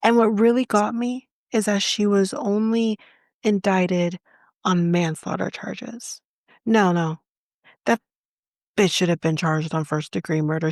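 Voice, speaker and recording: A woman's voice: mid-range voice, steady tone, a little slow, darkish tone, dry recording, studio quality. A Canadian woman co-hosting a podcast, retelling a story in casual chat in an indignant, impassioned and blunt way. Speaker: podcast co-host.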